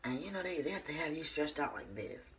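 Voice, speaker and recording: A woman's voice: deep voice, lively intonation, brisk, noisy background. A young woman telling her viewers a personal story in a casual, meandering way, full of fillers and restarts. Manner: addresses viewers as y'all.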